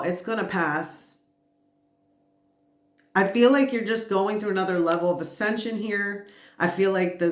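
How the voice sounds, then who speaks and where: Tired woman reading tarot in echoey room. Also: lowish voice. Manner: chatty, reassuring, laughs often. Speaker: tarot reader. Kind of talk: casual spiritual tarot reading. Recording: roomy echo.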